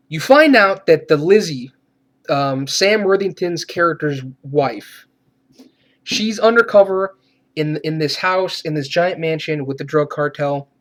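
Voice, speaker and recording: Man, movie rant, sarcastic, swearing, slightly high voice. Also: fairly bright tone. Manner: profane, sarcastic ranting with ironic laughs. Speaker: movie reviewer.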